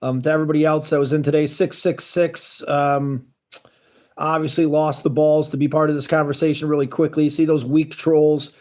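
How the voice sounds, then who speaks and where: A man's voice: a little high, little pitch movement, fairly quick, darkish tone. A man hosting a casual livestream, talking earnestly and rambling as he reads and answers chat messages. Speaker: livestream host. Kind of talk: casual live-stream chat.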